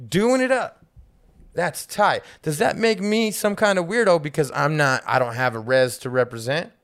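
Male co-host, casual slangy talker, curses a lot, repeats himself mid-point. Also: fairly high pitch. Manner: loose slangy talk, swears freely, stumbles over repeated words when making a point. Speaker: podcast co-host. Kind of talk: casual chat.

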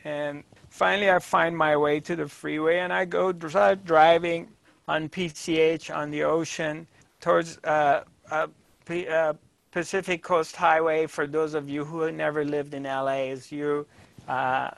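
A man giving a spiritual talk, telling a personal story in a calm, halting way with many fillers. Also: a little high, creaky, dry recording. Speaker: spiritual teacher.

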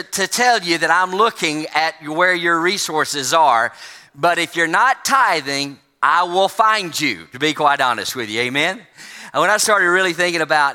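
A man's voice: a little high, bright, forceful tone. A male pastor preaching a sermon, telling a folksy story to his congregation. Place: church sanctuary. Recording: long church reverb.

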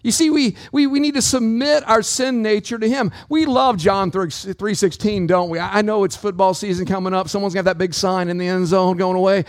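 A man with a high voice preaches a sermon from the pulpit, calling out to his congregation. His delivery swings in pitch and pace, and his voice sounds dry and close. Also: fairly even intonation, a little fast, hardly any pauses, no room sound. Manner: preaching with call-outs to the congregation. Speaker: pastor.

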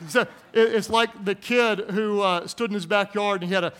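A man preaching a sermon who jokes with the congregation, calls for their responses and slows down to stress key words. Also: high-pitched, steady tone, fairly bright tone, smooth. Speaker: pastor.

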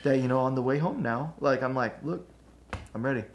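Man, mid pitch, gravelly, casual pastor chat, candid self-deprecating storyteller. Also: fairly quick, slight background noise. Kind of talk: casual conversation.

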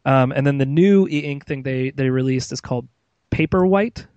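A man's voice: mid-range voice, normal speed, a little mellow, clean tone, dry recording, dull audio. Chatty man hosting a tech podcast. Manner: chatty, rambling, with many fillers and restarts. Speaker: podcast host. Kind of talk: casual tech podcast chat.

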